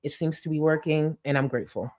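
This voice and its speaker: Low-voiced woman streamer, mock-dramatic. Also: quick pace, a little mellow, dry recording, studio quality. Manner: mock-dramatic, swears freely, joking asides. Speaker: streamer reacting to clips. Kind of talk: casual live-stream commentary.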